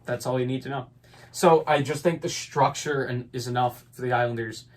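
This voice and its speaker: A man's voice: medium pitch, fairly even intonation, moderate pace. A man hosting a podcast, giving casual sports talk in a rambling, upbeat way with lots of fillers. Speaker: podcast host.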